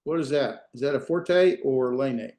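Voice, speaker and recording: A man's voice: medium pitch, a little slow, warm tone, echoey room. A male instructor giving an online class lecture, patient and step by step, often checking in with "right?" and quizzing his students.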